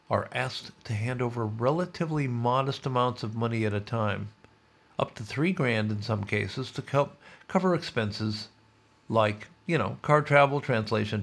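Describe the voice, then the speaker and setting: Gravelly-voiced man reading a story. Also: mid-range voice. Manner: wry, sardonic asides. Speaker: podcast host. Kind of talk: reading a news story aloud with asides.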